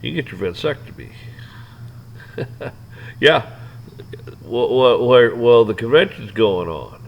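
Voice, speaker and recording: A man's voice: medium pitch, lively intonation, takes it slowly, creaky, dull audio. A man ranting off the cuff, rambling and swearing, with lots of restarts and fillers. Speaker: vlogger ranting to camera. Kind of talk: off-the-cuff rant.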